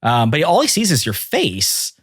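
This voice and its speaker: A man narrating as game master in a tabletop role-playing game, casual and quick, slipping briefly into character voices. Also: medium pitch, huge pitch swings, a bit bright, slightly rough, dry recording, studio quality.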